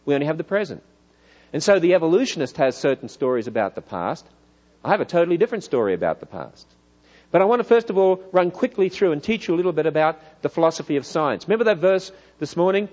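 A middle-aged man with an Australian accent, preaching in a church hall, lively and full of rhetorical questions. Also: on the high side, quick pace, dull audio. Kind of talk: church lecture.

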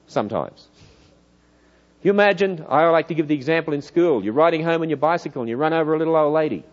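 A middle-aged man with an Australian accent, preaching in a church hall, lively and full of rhetorical questions. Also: fairly high pitch, lo-fi sound. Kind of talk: church lecture.

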